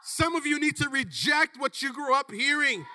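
A very high-pitched male voice, a preacher in his thirties, delivers his sermon at a normal pace with animated emphasis, addressing the congregation directly and occasionally shouting. There is a slight hiss or hum in the recording.

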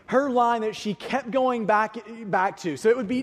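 A man's voice: very high-pitched, moderate pace, big-room sound. A man preaching a sermon, telling a personal story with vivid detail and rhetorical questions to the congregation. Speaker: pastor.

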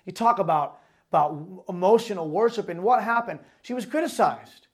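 A male pastor with a notably high voice for a man delivers a sermon. He reads scripture passages aloud, then breaks into loose, lively explanation, full of asides to his congregation. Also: moderate pace.

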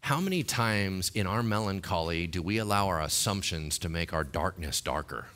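A man preaches a sermon casually and conversationally, with lively intonation at a moderate pace. He poses questions to the congregation, acts out voices from the text, and rises into loud, high-pitched exhortation.

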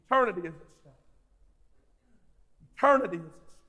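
Male preacher, very high-pitched, repeats lines, moves between hushed prayer and shouting, long hall reverb. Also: expressive, a little fast, long pauses. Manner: swings from soft intimate prayer to shouted exhortation; repeats phrases for emphasis. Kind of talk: sermon.

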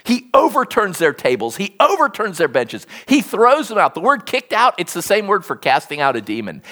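A preacher giving an animated sermon, telling the story with bursts of energy and repeating words as it builds. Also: mid-range voice. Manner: animated storytelling with sudden hushed asides.

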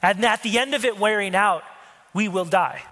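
A man's voice: high voice, moderate pace, sharp tone. A male pastor preaching a sermon in a conversational way, with asides and jokes to the congregation, recorded in a church hall. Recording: long hall reverb.

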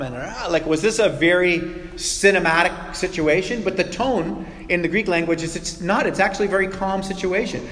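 A pastor preaching a sermon, conversational and teaching, with dramatic pauses and hushed, soft asides. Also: male voice, fairly high pitch. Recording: long hall reverb.

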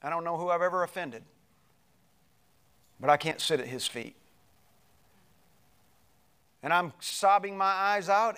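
A middle-aged male pastor telling a personal story in a sermon, animated and moving between loud passages and hushed ones. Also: sits high, clear, resonant tone.

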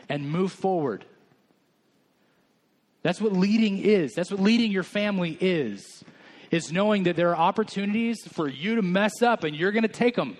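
Candid man preaching a conversational sermon. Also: on the high side. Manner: candid, conversational, self-deprecating. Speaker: senior pastor. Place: church.

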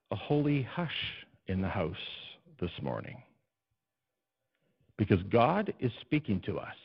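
Emphatic preaching man, hush to shout. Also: slightly rough, highs cut off. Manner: swings from hushed and low to loud and soaring, emphatic; asks the congregation questions. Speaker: pastor. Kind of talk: sermon. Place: church.

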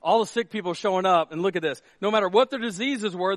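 A middle-aged man preaching a sermon as pastor, animated and jokey, slipping into quick acted asides. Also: sits high, dry recording, studio quality.

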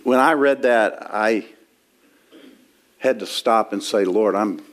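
A man's voice: mid-range voice, takes it slowly, fairly bright tone. A man preaching an expository sermon in a church, talking in a conversational way with frequent restarts while he quotes and explains scripture. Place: church sanctuary.

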